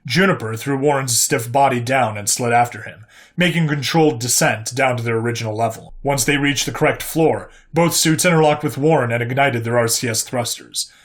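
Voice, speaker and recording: A man narrating a sci-fi story in a steady, plain storytelling voice. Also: mid-range voice, fairly quick.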